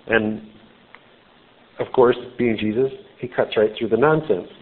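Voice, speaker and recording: A man's voice: mid-range voice, expressive, a little slow, long pauses. A man preaching a conversational sermon, explaining a scripture story informally with casual asides. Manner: informal, explanatory, with "you know" fillers. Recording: tinny phone-like sound.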